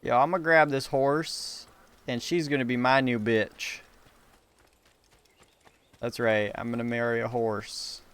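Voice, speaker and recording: A man's voice: mid-range voice, level tone, slow pace, pauses often, a bit bright, clear, resonant tone. A young man streaming a video game, talking in a loose, rambling, profane and self-mocking way to his chat. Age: young adult. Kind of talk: casual rambling commentary while gaming.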